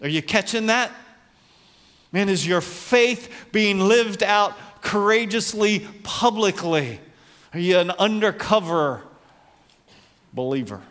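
A man's voice: sits high, expressive, takes it slowly, long pauses, fairly bright tone. A man preaching a conversational sermon as a pastor, acting out voices from the Bible story. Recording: long hall reverb.

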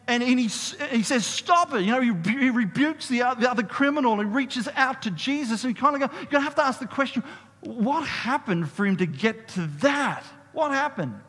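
A man preaching a sermon as a pastor, in a lively, conversational way, drawing the congregation into call-and-response. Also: extremely high pitch, moderate pace. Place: church hall. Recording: long reverb of a church hall.

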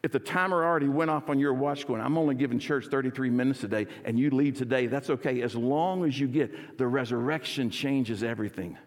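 Energetic pastor in a reverberant church. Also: male voice, medium pitch, fairly quick, hardly any pauses. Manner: energetic, leads congregation in call and response. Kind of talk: sermon. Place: church sanctuary.

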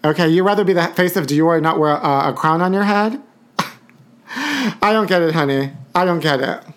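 A woman's voice: sits low, quick pace. A woman hosting a live-stream show in a campy gossip style, calling listeners honey and shrieking woo. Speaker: host. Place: Los Angeles area.

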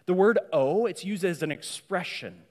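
A man's voice: sits high, expressive, moderate pace. A man preaching a sermon as pastor, emphatic and prone to repeating words as he goes. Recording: long hall reverb.

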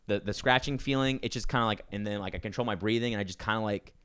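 Laid-back low-voiced young guy rambling. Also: fast, fairly bright tone, clean tone. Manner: rambling, filler-heavy storytelling. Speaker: podcast host. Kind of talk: casual chat.

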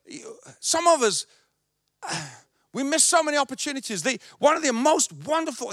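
A man's voice: extremely high pitch, sharp tone, no echo, clean studio sound. A male pastor preaching a sermon, emphatic and repetitive.

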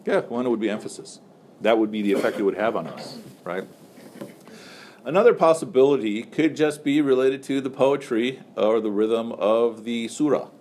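A man's voice: medium pitch, normal speed, a little mellow, a little hiss or hum. A man teaching a religious text class in a loose, joking, conversational way, asking his students questions.

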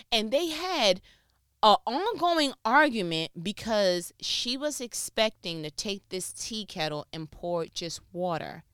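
A woman giving a motivational talk on relationships, preachy and animated, swinging from loud emphatic lines to low asides. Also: clean tone, no echo, clean studio sound. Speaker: speaker giving relationship advice.

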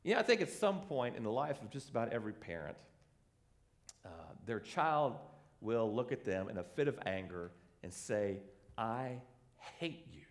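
A man preaching a sermon, animated and conversational, acting out the voices in his examples. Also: mid-range voice, normal speed. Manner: animated, acts out quoted voices. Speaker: pastor.

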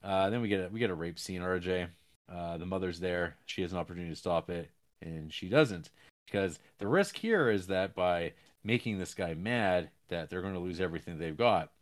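Expressive and fairly quick, a man gives a casual rundown of a film's plot, rambling with fillers and restarting sentences. Acting out characters' lines, he jumps to a higher pitch.

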